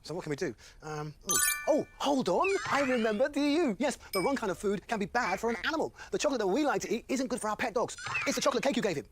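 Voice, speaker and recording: A woman's voice: fairly high pitch, animated, quick pace, few pauses, background noise, natural voice. A woman playing an eager cartoon vet. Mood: explaining. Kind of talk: children's cartoon acting. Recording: music playing underneath. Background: children's music.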